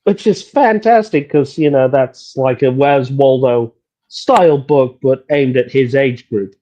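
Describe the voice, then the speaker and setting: A man's voice: mid-range voice, a little slow, dark tone, dull audio. A man co-hosting a casual book-talk podcast, talking animatedly with stumbling restarts. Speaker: podcast co-host. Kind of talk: casual chat.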